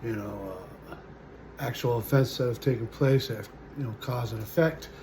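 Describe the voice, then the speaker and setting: A man in his forties telling his own story as a vlogger, halting and full of fillers, his sentences often trailing off quietly. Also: mid-range voice, a little hiss or hum. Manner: halting, full of "uh" and "you know", trailing off softly. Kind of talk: personal storytelling to camera.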